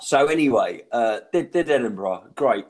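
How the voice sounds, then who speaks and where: A man's voice: medium pitch, expressive, normal speed. A man in his thirties, a comedian hosting a podcast, telling swear-laden, self-mocking anecdotes in casual chat. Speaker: stand-up comedian and podcast host.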